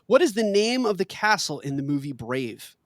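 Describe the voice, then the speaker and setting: Animated man hosting a trivia game. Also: sits high, moderate pace, dry recording, studio quality. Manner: animated, laughs often, reads questions with playful emphasis. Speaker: quiz host.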